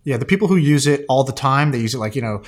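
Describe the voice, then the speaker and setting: A man co-hosting a casual podcast chat, with a mid-range voice that is neither high nor low. He rambles, circling back with fillers and restarts as he works through a point. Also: animated, quick pace. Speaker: podcast co-host.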